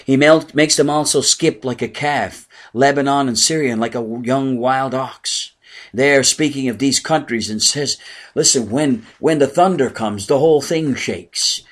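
Husky-voiced man preaching a sermon. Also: medium pitch, a little slow. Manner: earnest preaching, swelling and dropping to near whispers. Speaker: pastor.

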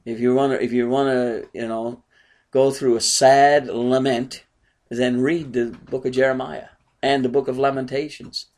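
A man's voice: mid-range voice, level tone, moderate pace, a little mellow. A man, a pastor, giving a conversational bible study sermon and asking his small congregation questions.

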